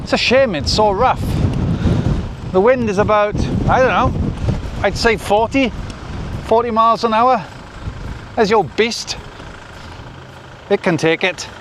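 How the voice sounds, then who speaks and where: A man vlogging casually to the camera on a windy coastal hill, chatty and excitable, exclaiming at the weather, talking into a clip-on microphone. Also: high voice, a little slow, long pauses. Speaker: overland travel vlogger. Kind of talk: casual travel vlog talk to camera. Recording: outdoor recording with clear wind noise.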